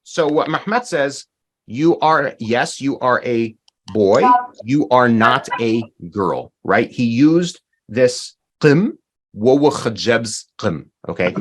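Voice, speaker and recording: Male language teacher, animated pitch, drills words slowly with strong emphasis and repetition. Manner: slow, emphatic modeling of words, repeats phrases. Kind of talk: online language class.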